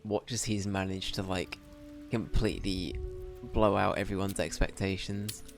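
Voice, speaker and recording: A man's voice: low-pitched, flat delivery, a little slow, music in the background. A man streaming a game, making wry, joking asides in casual commentary.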